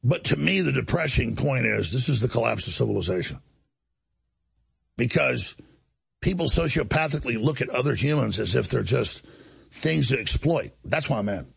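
A man's voice: mid-range voice, animated, moderate pace, creaky, slightly rough. A man hosting a talk show, delivering an indignant monologue and acting out other people's lines as he tells the story. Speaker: show host.

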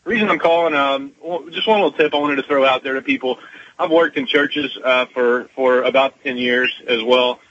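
A man's voice: medium pitch, moderate pace, a bit bright, dry recording. A man calling in to a radio show, speaking earnestly and hesitantly with many fillers. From Texas. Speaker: caller. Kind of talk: phone-in call. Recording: lo-fi phone line.

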